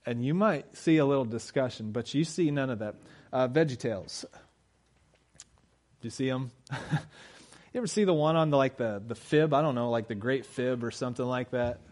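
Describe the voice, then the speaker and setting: A man's voice: mid-range voice, normal speed, darkish tone. A man in his thirties preaching a sermon in a conversational way, acting out quoted voices and building to emphatic peaks. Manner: acts out quoted voices of characters. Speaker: pastor.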